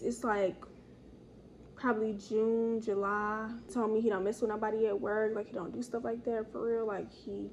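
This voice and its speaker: A young woman with a fairly high voice tells a story from her own life in a loose, slangy way, jumping up in pitch whenever she acts out what people said. A faint hiss sits under her voice. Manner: animated, slangy, acts out quotes in higher voice. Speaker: storytime vlogger. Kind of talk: casual storytelling.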